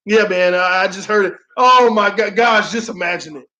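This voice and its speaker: A man's voice: high voice, moderate pace, sharp tone, rough recording. A man reacting to a football game on a live stream, calling plays and dramatically groaning and laughing at viewer comments.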